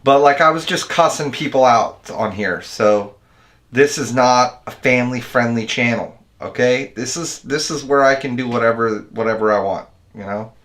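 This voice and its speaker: An easygoing American man chats with his viewers on a stream, wandering from topic to topic. His voice sits at an ordinary middle pitch. He keeps it relaxed and calls everyone dude. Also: moderate pace. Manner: rambling and laid-back, calls people dude and man. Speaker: video editor and channel host. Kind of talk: casual livestream chat with viewers.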